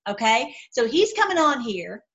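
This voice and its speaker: Brief: middle-aged woman, high voice, impassioned solo commentary, stumbling restarts. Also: big pitch swings, moderate pace, a bit bright, muffled recording. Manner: impassioned, heated, repetitive restarts. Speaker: video commentator. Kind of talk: casual opinion monologue.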